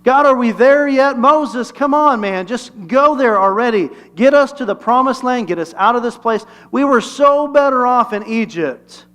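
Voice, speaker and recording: A man's voice: extremely high pitch, lively intonation, normal speed, few pauses, fairly bright tone, clear, resonant tone, pitched above the performer's own voice. A man voicing a grumbling desert wanderer who whines and complains in exasperation. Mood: whiny. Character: whiny grumbling desert wanderer, male, fed up.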